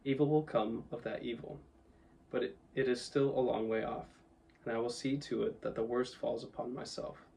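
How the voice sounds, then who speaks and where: A man voicing a wise, commanding male lion who speaks in a solemn, measured way, with some distance from the mic. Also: mid-range voice, fairly even intonation, creaky, darkish tone, close to an everyday voice.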